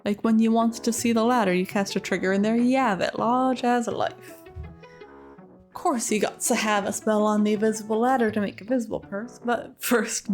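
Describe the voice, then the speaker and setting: A woman's voice: fairly high pitch, fairly even intonation, normal speed, soft background music, close to an everyday voice. A woman voicing a chatty old male cave hermit who rambles in folksy dialect grammar, reading his lines in a put-on accent. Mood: cheery rambling.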